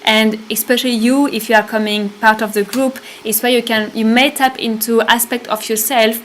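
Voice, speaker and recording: A woman's voice: fairly high pitch, steady tone, moderate pace, a bit bright, slight background noise, poor audio. French-accented woman, hesitant and repeating. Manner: hesitant, repeats words, laughs easily. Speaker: retreat co-host. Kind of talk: casual spiritual talk. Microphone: livestream.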